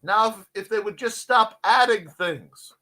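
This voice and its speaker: A man's voice: sits high, a little slow, pushed and bright. A man hosting a casual morning show, joking, rambling and reading out chat messages. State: cold.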